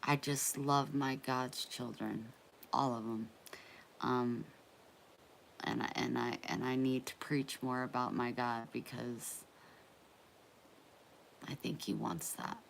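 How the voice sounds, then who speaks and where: A woman hosting a casual live stream, chatty and playful, easily excited. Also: extremely low pitch, slow pace, vocal fry, a little hiss or hum.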